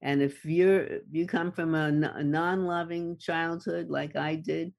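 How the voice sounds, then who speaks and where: A guest speaker in a conversation who talks at an unhurried, drawn-out pace. The delivery is measured and deliberate. Key words are repeated for emphasis. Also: medium pitch, fairly even intonation, creaky. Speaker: guest expert on attachment. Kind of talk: slow, deliberate explaining in conversation.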